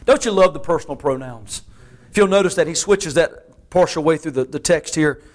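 A male preacher, delivering a sermon that rises into shouted, fervent preaching. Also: on the high side, moderate pace.

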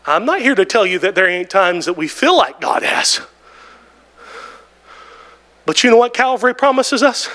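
A man preaching a sermon in church, building to shouts and drawn-out, emphatic phrases broken by "oh" and "hallelujah". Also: sits high, lively intonation. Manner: drawn-out emphatic delivery with interjected "oh" and "woo, hallelujah". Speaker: pastor.

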